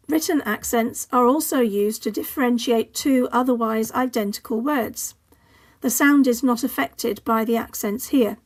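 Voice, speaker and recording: A woman with an English accent, a languages teacher narrating a scripted lesson in a clear, measured way and carefully modelling example words. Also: a little high.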